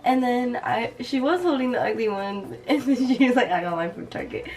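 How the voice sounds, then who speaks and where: A young woman chatting with her sister, jumping in with lively comments and giggles. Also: a little high, brisk, far from the mic. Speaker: vlogger. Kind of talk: casual chat between sisters. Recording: voice a bit off-mic with background music.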